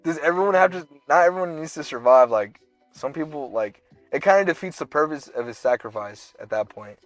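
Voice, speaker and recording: A man's voice: fairly high pitch, fairly quick, no echo, soft background music. Young male podcast co-host, chatty storyteller, dry close sound. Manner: animated storytelling, slangy, acts out characters in bursts. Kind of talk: casual chat.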